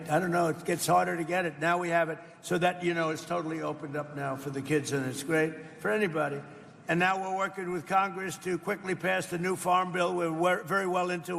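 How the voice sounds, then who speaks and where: A man's voice: on the high side, vocal fry, fairly bright tone. An older man giving a rambling, boastful off-the-cuff speech at a live event, often asking the crowd questions. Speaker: political speaker. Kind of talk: off-the-cuff campaign-style speech. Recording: reverberant hall with faint background ambience.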